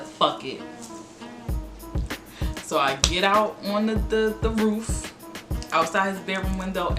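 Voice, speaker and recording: A woman's voice: mid-range voice, slow, pauses often. A young woman telling a dramatic personal story as a vlogger, acting out the voices of the people in it. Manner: animated, dramatic storytelling with cursing and acted-out quotes. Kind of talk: storytime vlog. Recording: echoey room with music behind.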